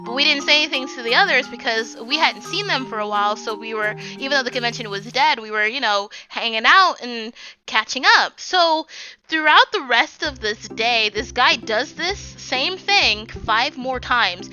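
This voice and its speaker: A woman in her twenties telling a rambling, animated story for a vlog, full of "like" and "you know.". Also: high-pitched, low-quality recording. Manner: rambling, filler-heavy, animated retelling. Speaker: vlogger.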